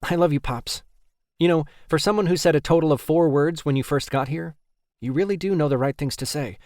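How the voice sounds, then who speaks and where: A man voicing an anxious young man who talks quickly and apologetically. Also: a little high, darkish tone, no echo, studio quality, pitched above the performer's own voice, lightly acted. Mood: lively. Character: earnest young man, anxious and eager to please.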